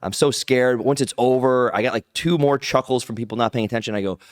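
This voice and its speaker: A man telling stories as an interview guest, animated and rambling, acting out other people's lines in his own voice. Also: mid-range voice, fast, clear, resonant tone, no echo, clean studio sound. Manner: rambling with restarts and "like". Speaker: guest, pro wrestler. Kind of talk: casual interview storytelling.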